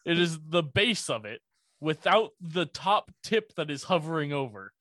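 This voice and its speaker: A man's voice: on the high side, very animated, moderate pace, fairly bright tone, no echo. A young man in casual podcast chat, rambling through an explanation with laughs and the odd curse. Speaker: presenter of a conspiracy topic.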